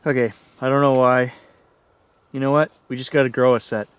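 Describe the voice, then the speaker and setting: A man's voice: mid-range voice, steady tone, a little fast, clean tone, no echo. A man vlogging alone outdoors at night, talking nervously and thinking aloud to his viewers. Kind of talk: ghost-hunting vlog, talking to viewers.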